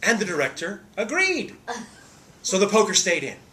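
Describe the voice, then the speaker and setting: A man's voice: high voice, huge pitch swings, normal speed, sharp tone. A man who is a stage actor, telling a humorous story in a theatrical, playful way.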